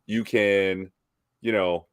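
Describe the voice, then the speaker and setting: A man's voice: lowish voice, fairly even intonation, slow, clean tone, no echo, studio quality. A man co-hosting a casual podcast who builds long, playful comparisons as he talks. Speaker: podcast co-host. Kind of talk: casual chat.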